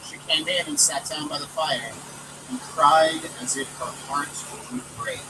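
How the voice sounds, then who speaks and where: A man reading a story aloud in a lively, expressive way, recorded outdoors from a distance with street traffic behind. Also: a little high, unhurried. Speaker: volunteer reader. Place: outdoors near a city hall.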